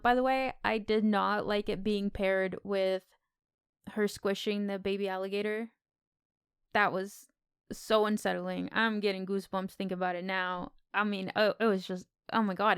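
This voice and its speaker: A woman co-hosting a casual film podcast, talking in an animated, exclamatory way. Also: medium pitch, clear, resonant tone, no room sound, clean studio sound. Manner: animated, exclamatory, acts out quotes. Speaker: podcast co-host.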